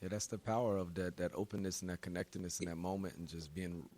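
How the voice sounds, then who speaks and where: A man's voice: deep voice, fairly even intonation, fast, darkish tone. A man hosting an interview, who keeps affirming his guest and adds his own reflective thoughts. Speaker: podcast host. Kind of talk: interview chat.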